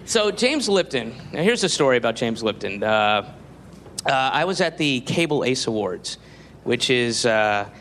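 A man's voice: medium pitch, sing-song, measured pace. A man telling a rambling, profane stand-up story to an audience, full of fillers. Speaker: stand-up comedian. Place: comedy stage before an audience. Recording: live club, loud crowd and noise.

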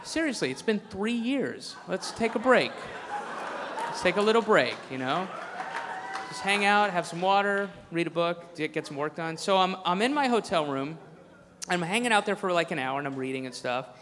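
A man's voice: sits high, animated, moderate pace, in a large hall, a crowd in the background. A man doing a stand-up routine, telling a rambling story with sarcasm and lots of swearing. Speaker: stand-up comedian.

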